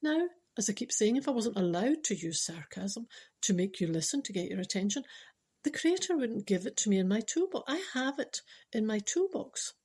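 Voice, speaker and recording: A woman's voice: mid-range voice, sing-song, moderate pace, darkish tone, slightly rough. A Scottish woman hosting a podcast, telling a casual story in a wry, sarcastic way with playful asides. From Scotland. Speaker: podcast host.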